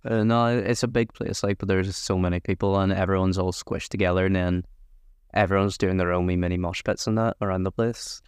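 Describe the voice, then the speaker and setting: A man's voice: low-pitched, fairly even intonation, brisk, clear, resonant tone, no echo, studio quality. A man chatting as a podcast guest, telling easygoing anecdotes. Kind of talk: casual chat.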